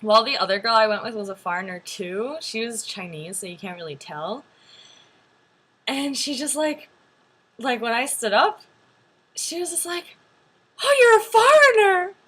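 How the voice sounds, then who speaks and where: A young woman tells a story straight to her camera in a casual vlog. Her delivery is chatty and full of "like", and her voice sits fairly high and swoops animatedly up and down. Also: moderate pace, long pauses, breathy edge. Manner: chatty, animated, many "like" fillers. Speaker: vlogger.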